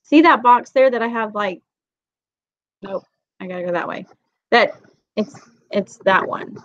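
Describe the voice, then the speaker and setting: A woman's voice: medium pitch, measured pace, muffled recording, background noise. A woman, chatting casually on a livestream, telling rambling stories and reading viewer comments. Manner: chatty, rambling, animated storytelling with Southern colloquialisms. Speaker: livestream vlogger and mom.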